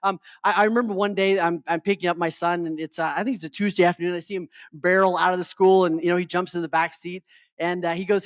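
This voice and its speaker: A man's voice: high-pitched, level tone, quick pace, dry recording, clean studio sound. A middle-aged man giving a motivational talk to a live audience as a life coach. He keeps checking in with his listeners and often stumbles over and repeats his words.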